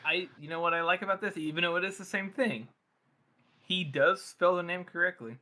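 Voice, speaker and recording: A man's voice: sits high, brisk, crowd noise. A man co-hosting a casual book podcast, teasing his co-hosts. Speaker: podcast co-host.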